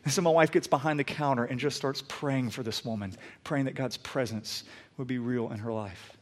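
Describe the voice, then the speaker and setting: A man preaching a sermon in a church, shifting between loud pleading emphasis and relaxed storytelling. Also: mid-range voice, moderate pace, few pauses. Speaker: pastor. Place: church sanctuary.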